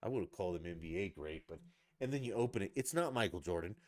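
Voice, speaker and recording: A man's voice: deep voice, expressive, quick pace, no echo. A middle-aged man ranting casually as a podcast host, blunt, mocking and profane.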